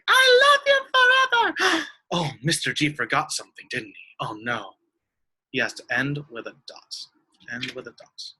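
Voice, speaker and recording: A young man teaching young children in an online lesson, speaking slowly in a sweet, sing-song way. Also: medium pitch, bright, forceful tone, rough recording.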